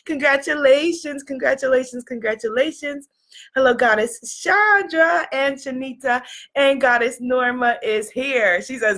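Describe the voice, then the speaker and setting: A woman hosting a live-streamed self-love sermon from home, chatting with viewers by name, laughing often, then slowing into a soft guided prayer. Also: high voice. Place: at home, seated in a blanket. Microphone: webcam or phone, seated at home.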